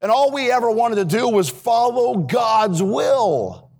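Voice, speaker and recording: A male missionary preaching in a church, his voice pitched high with a gravelly edge. He moves between quiet, earnest moments and emphatic, raised passages, speaking straight to the congregation. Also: animated, measured pace, faint music behind. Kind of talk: sermon. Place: church sanctuary.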